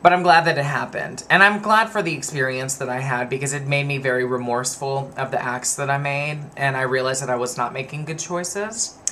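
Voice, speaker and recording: A man's voice: mid-range voice, brisk, hardly any pauses, pushed and bright, slight background noise. A man in his twenties talking casually to camera in a vlog, rambling and digressing as he tells a personal story. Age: 20s. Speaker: vlogger.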